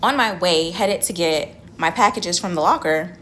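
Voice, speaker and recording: Animated, cursing woman telling a story. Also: on the low side, normal speed, a little hiss or hum. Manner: animated, dramatic, swears freely. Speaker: vlogger. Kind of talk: casual storytelling vlog. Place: in her car.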